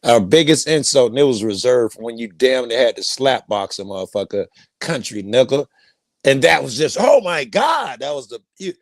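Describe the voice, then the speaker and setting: A man's voice: mid-range voice, no room sound. A man from Chicago telling stories in a casual, profane panel chat. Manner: profane, animated storytelling.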